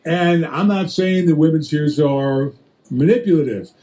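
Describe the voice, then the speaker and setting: Mellow-voiced male preacher teaching. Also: fairly high pitch, low-quality recording. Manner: talks straight to listeners with quick restarts and acted-out asides. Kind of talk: conversational Bible teaching.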